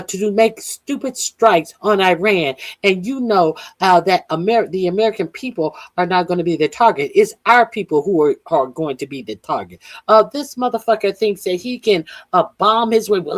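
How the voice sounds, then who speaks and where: A woman talking through the news as a commentary host, heated and profane. She pauses on "uh" again and again and keeps putting rhetorical questions to her listeners. Her pitch sits in the middle range for a woman. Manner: heated, profane, with frequent "uh" fillers. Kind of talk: casual political commentary.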